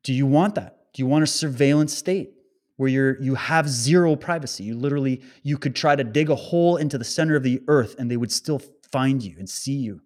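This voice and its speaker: A man's voice: mid-range voice, darkish tone. A man delivering an agitated ranting monologue, firing off one rhetorical question after another at his listeners. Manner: rapid-fire rhetorical questions; emphatic, agitated.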